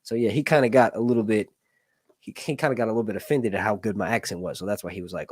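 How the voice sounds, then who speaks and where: American male streamer, mid pitch, lively, rambling self-corrections, dry close sound. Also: quick pace, slightly rough, no room sound. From United States. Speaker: livestream host. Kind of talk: casual livestream chat.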